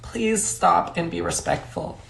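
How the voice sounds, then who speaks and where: A man hosting a comedy livestream with a gravelly, creaky edge to his voice. He talks slowly and theatrically in a mock-solemn tone, stretching out his words into mock-grieving wails. A faint hiss of noise sits under the recording. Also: high voice, a bit bright.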